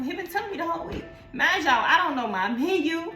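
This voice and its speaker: A young woman with a bright, fairly high voice tells a story, cursing freely and acting out the other people's lines. The room is echoey, and faint music plays underneath. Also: fairly quick, hardly any pauses. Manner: animated, profane, acts out quoted dialogue. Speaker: vlogger. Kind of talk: casual storytime.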